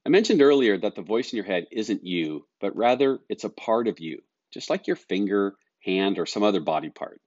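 Middle-aged man, low voice, life coach podcast host, calm earnest explaining, dry close sound, slightly dull audio. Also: normal speed, hardly any pauses, no echo. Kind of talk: solo podcast talk.

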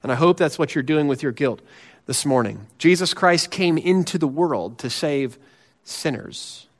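An earnest male pastor preaches a sermon in a slightly high voice. He swings between emphatic, raised declarations and quiet, low asides. Every point is pressed with conviction. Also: lively intonation, measured pace. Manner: earnest, emphatic, rising on key phrases and dropping low and soft on others.

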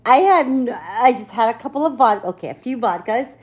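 A woman co-hosting a podcast, telling a funny story in casual chat, animated, laughing and cursing as she goes. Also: fairly high pitch, brisk. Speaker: podcast co-host.

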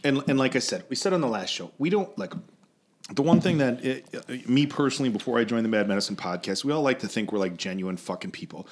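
A man's voice: mid-range voice, expressive, quick pace, slight background noise. A man hosting a podcast in casual chat, rambling and swearing, often laughing as he talks. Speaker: podcast host.

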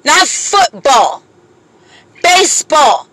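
A woman's voice: high-pitched, big pitch swings, bright, forceful tone, dry recording, poor audio. A single mother speaking in an impassioned, pleading monologue, swearing often and close to tears at times. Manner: impassioned, pleading, profane, slow deliberate emphasis. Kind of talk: emotional monologue to camera.

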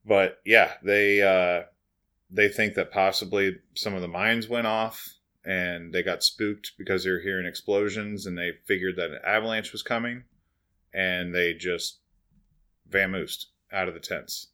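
A man with a deep voice and a bright, forceful edge co-hosts a podcast. His talk is loose and joking, with the odd casual curse thrown in. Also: fairly even intonation, unhurried. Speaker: podcast co-host.

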